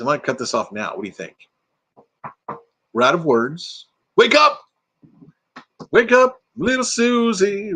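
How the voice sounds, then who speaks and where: Sleepy, playful older man, lively pitch. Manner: playful and rambling, slipping into silly voices. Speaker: live-stream host. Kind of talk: casual live-stream chat. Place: inside an RV.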